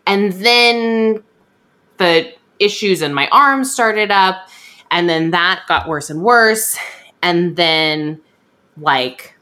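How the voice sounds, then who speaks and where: A young woman hosting a podcast, telling a story in a chatty, animated way and acting out what others said. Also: fairly low pitch, drawn-out words. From USA. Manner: chatty, animated, acts out quoted voices. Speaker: podcast host. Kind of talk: casual storytelling chat.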